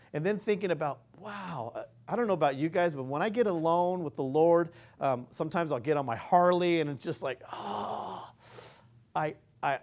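A man giving an informal, earnest sermon, rambling and restarting his sentences as he goes. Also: fairly high pitch. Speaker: preacher.

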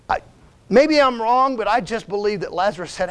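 A man's voice: high-pitched, expressive, normal speed, a bit bright, clear, resonant tone. A man preaching a sermon in a church as a visiting missionary, emphatic and conversational, urging his listeners with "listen" and "come on now". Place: church sanctuary.

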